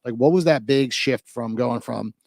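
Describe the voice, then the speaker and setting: A man's voice: mid-range voice, moderate pace, creaky, darkish tone, no echo. A man hosting a podcast interview, asking long rambling questions full of "like" and "you know" in a casual chat. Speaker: podcast host.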